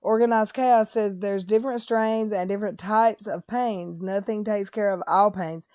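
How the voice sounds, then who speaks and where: A woman's voice: mid-range voice, fairly even intonation, normal speed, darkish tone. A woman hosting a live stream, reading chat comments aloud and chatting casually about her own experiences.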